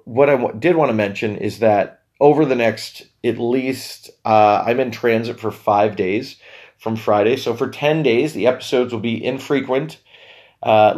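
A man's voice: mid-range voice, darkish tone. A man from Canada hosting a casual solo podcast, chatty and rambling, often stumbling over words and correcting himself. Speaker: podcast host.

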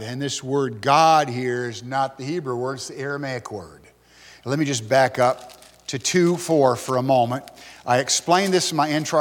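A man preaching an expository sermon from the pulpit, animated, swinging between loud outbursts and hushed asides. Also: mid-range voice, long reverb tail. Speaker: pastor.

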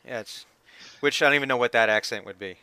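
A man running a tabletop game as game master, talking in a relaxed, rambling way. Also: mid-range voice, fast, clear, resonant tone, dry recording. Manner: relaxed, rambling, laughs easily.

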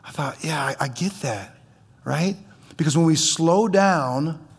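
A man's voice: fairly high pitch, a little slow, breathy edge. A man preaching as a pastor in a church, conversational, with stammering restarts and teasing humor. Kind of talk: sermon.

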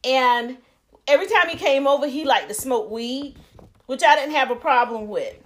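A woman's voice: sits high, expressive, normal speed, a bit bright. A woman co-hosting a podcast, telling a story in blunt, profane casual chat. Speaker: podcast co-host.

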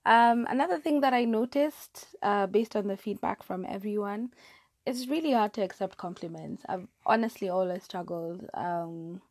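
A woman's voice: medium pitch, moderate pace, a little mellow, no room sound. A young woman hosting a casual solo podcast from her bedroom, chatty and self-deprecating, with lots of fillers and restarts, on a lapel mic. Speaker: podcast host. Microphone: lapel mic clipped to her hair.

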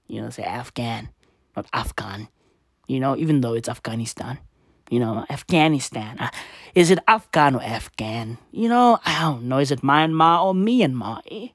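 Guy ranting and cussing nonstop, keeps repeating himself, pitch jumps all over, dry sound. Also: dry recording. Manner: rambling, heavy swearing, repeats phrases. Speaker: vlogger. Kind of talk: profane comedic rant.

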